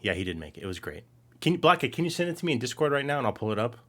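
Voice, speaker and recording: A man co-hosting a live stream, chatting casually and excitedly, reading out viewer comments and rambling. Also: medium pitch, racing. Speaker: co-host.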